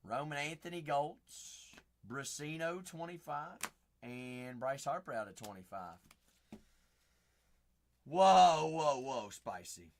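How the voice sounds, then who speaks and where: A man hosting a live card break, excitable and joking, breaking into sudden shouts, tired after a long stream. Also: mid-range voice, a little slow. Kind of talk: live-stream commentary while opening packs.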